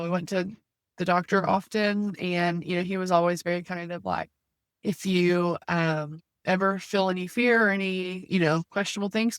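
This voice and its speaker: Speaking in a lowish voice on a dry, studio-quality recording, an American woman in her thirties guests on a podcast. She recounts her story earnestly with a focus on faith, her speech peppered with "like" and "you know."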